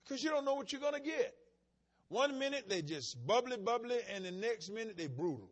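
A man's voice: very high-pitched, sing-song, fairly quick. A male pastor preaching a sermon in a folksy, emphatic way, mixing plain storytelling with bursts of insistence.

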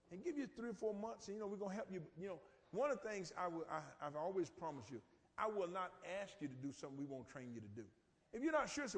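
A man's voice: sits high, animated, fast talker. A middle-aged male pastor giving a folksy, informal sermon with dialect and call-and-response. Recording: echoey church hall reverb.

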